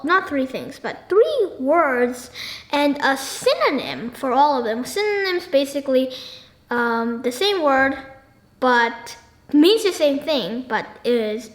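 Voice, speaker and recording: High-voiced woman in an echoey room. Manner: halting, searching for words with many ums and restarts; asks the listener frequent questions. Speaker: book discussion host. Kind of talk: casual book discussion with questions to listeners. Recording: echoey room with faint noise.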